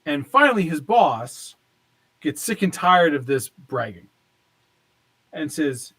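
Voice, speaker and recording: A man's voice: on the high side, sing-song, takes it slowly, pauses often, pushed and bright. A man co-hosting a casual podcast, telling a long joke in a rambling way with many fillers. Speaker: podcast co-host.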